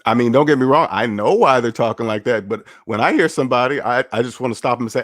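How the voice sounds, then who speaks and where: A man's voice: mid-range voice, quick pace, few pauses, fairly bright tone, no echo. Man, casual stream commentary, sarcastic, repetitive, blunt, dry and close, desk mic. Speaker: finance commentator.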